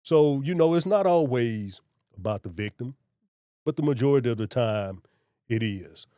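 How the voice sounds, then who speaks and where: A man, a sheriff being interviewed, who speaks in a slow, measured and earnest way. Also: mid-range voice, expressive, dark tone, no room sound, clean studio sound. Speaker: sheriff, guest. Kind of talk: casual interview conversation.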